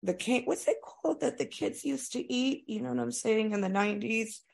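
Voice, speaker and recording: A woman's voice: fairly high pitch, brisk, vocal fry. A middle-aged woman from the United States chatting on a podcast, telling stories with lots of swearing and fillers. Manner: animated, profane storytelling with many fillers. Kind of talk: casual podcast chat.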